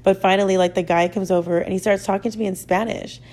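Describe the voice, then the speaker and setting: A woman's voice: mid-range voice, fairly even intonation, fast, darkish tone. Chatty young woman telling a story. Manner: chatty, swears freely, full of "like" fillers. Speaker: podcast host. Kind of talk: casual storytelling.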